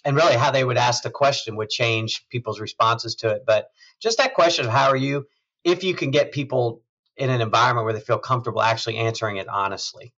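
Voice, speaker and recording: A man, a chief executive, talking in a measured, thoughtful way in a conversational interview, often trailing off softly. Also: mid-range voice, highs cut off. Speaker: hospital system CEO, guest.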